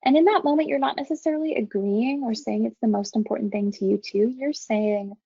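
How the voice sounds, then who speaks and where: Gentle and measured, a female counseling faculty member lectures in a webinar with a mellow, slightly raspy voice that sits a little high and often drops into vocal fry. There's no echo, and the recording sounds dull, dry and lo-fi.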